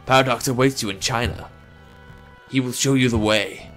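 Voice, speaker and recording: A man voicing a solemn mystical male guardian in a game, speaking slowly and portentously. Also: mid-range voice, steady tone, fairly bright tone, faint music behind, voice pushed down, lightly acted. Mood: grave. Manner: slow, measured, portentous delivery.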